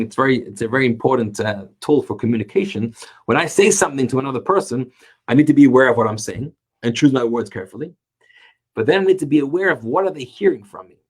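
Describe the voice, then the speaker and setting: A man, a rabbi, teaching a Torah class, telling stories with animated rhetorical questions. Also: a little high, breathy edge.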